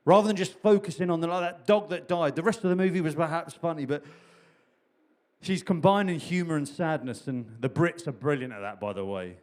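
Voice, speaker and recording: A man's voice: a little high, brisk, a little mellow. A man preaching a sermon in a chatty, humorous way, repeating key phrases for emphasis. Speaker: pastor.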